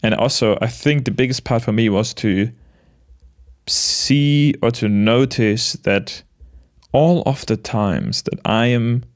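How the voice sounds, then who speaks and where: Gentle halting man in his late twenties. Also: mid-range voice. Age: late 20s. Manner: gentle, halting, many restarts and soft laughs. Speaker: vlogger. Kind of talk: casual reflective monologue.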